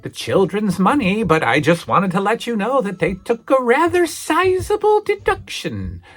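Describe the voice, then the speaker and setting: A man's voice: sits high, wildly swooping pitch, normal speed, fairly bright tone, voice pushed up, heavily acted. A man putting on the voice of a fussy, overly polite male school principal. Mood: prim.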